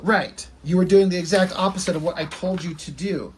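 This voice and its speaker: A man's voice: high voice, brisk, a little hiss or hum. A man casually retelling comic strips in loose, rambling talk that slips into offhand swearing. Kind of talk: casual storytelling.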